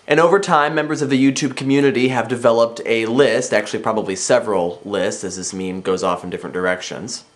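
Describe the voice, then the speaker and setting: A man in his twenties from the Midwest with a Northwest Ohio accent, talking casually in a vlog and reading single words aloud in a plain, deliberate way. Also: mid-range voice. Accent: Northwest Ohio, Midwestern American. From American Midwest. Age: 20s. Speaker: vlogger.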